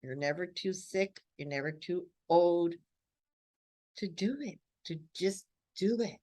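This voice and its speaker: A woman's voice: fairly low pitch, animated, takes it slowly, darkish tone. A woman vlogging in a casual, reflective monologue while sitting outdoors, rambling with lots of "like" and "you know" and laughing often as she talks. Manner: chatty, rambling, many "like" and "you know" fillers.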